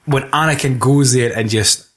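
A man's voice: mid-range voice, normal speed, fairly bright tone, husky. A young Scottish man co-hosting a casual film chat, swearing and joking. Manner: sweary, jokey, mock-quotes lines. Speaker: podcast co-host.

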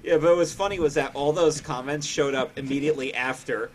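A man co-hosts a relaxed recap chat, walking through each event in turn. He laughs easily between points, and a faint noise hangs under his voice. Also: fairly high pitch, a little fast. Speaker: podcast co-host.

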